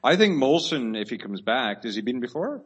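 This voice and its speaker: A man's voice: mid-range voice, sing-song, moderate pace, slightly rough. A man, a comedian guest, teasing the host with playful questions. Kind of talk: casual chat.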